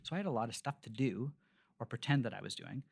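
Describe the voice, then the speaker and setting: A man with a gravelly, creaky voice at a middling pitch tells loose, rambling stories from his working life. He talks casually, with lots of fillers and self-corrections, as a guest on an interview podcast. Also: quick pace. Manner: rambling, animated anecdotes with frequent fillers and restarts.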